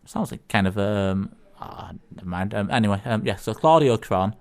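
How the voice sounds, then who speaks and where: Northern English radio co-host, lower voice, meandering joke delivery full of ums. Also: male voice, lively intonation, normal speed, gravelly, a little mellow. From England. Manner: rambling, hesitant, full of fillers. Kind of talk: casual radio chat telling jokes. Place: community radio studio.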